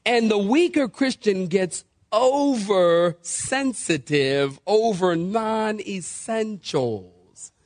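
A man's voice: high voice, extremely slow, no echo. A man preaching a sermon as pastor, joking and calling for responses from the congregation. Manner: animated, joking, acts out quoted people.

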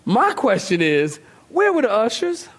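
A man's voice: sits high, wildly swooping pitch, measured pace, slight background noise. A male pastor preaching a sermon in a loose, conversational way, joking with the congregation.

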